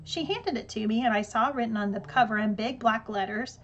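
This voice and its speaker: A woman narrating an audiobook in a lively storytelling way with dry humor. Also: fairly high pitch, a little fast.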